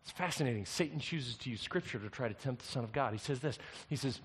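A male pastor preaching a sermon, an animated storyteller who swings from loud to hushed. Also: medium pitch, quick pace, hardly any pauses, husky, in a large hall.

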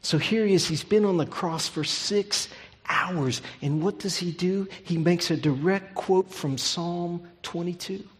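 A pastor preaching a sermon, his delivery swinging from loud emphatic peaks down to hushed, near-whispered lines. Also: high-pitched, a little slow, long reverb tail.

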